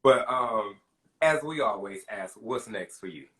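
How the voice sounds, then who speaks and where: A man hosting a phone livestream interview, gushing and chatty with frequent laughs. His voice is bright and sharp, and his pitch swings widely as he talks. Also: animated, measured pace. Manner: chatty and effusive, laughing often.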